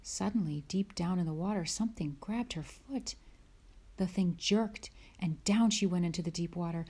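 Low, mellow woman reading a storybook. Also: moderate pace, breathy edge. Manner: gentle, dropping to a whisper in tense moments. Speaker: narrator. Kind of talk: reading a children's book aloud.

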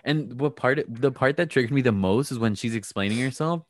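A man's voice: mid-range voice, a little fast, dry recording. A man co-hosting a casual podcast, recapping reality TV in a gossipy, sarcastic way and acting out the people he quotes. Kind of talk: casual chat.

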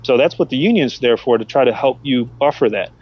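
A middle-aged man and former police officer, chatting on a podcast and telling animated stories about the job. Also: a little fast, breathy edge. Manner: animated storytelling, acts out quotes in a high voice. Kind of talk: casual podcast chat. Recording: dull, dry podcast audio.

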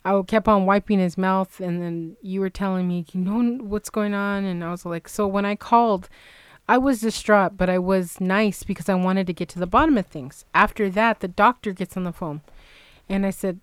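A woman's voice: medium pitch, moderate pace, clear, resonant tone, no room sound. A woman on a podcast, retelling a fight with heat and plenty of swearing in casual chat. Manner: heated, profane, animated retelling. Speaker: podcast co-host.

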